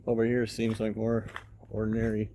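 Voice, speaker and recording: A man's voice: fairly low pitch, monotone, moderate pace, mellow, slight background noise. A man giving casual walk-around commentary at an outdoor junkyard, muttering running remarks to himself as he browses. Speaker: car hobbyist vlogger.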